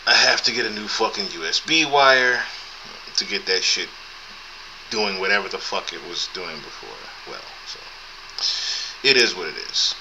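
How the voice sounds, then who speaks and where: A man's voice: fairly low pitch, normal speed, bright, forceful tone, a little hiss or hum, low-quality recording. A man in his thirties with a thin voice, hosting a live podcast in a casual, laid-back, profane way and chuckling often, recorded on a camera's built-in mic. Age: 30s. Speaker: podcast host. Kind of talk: casual live-stream chat.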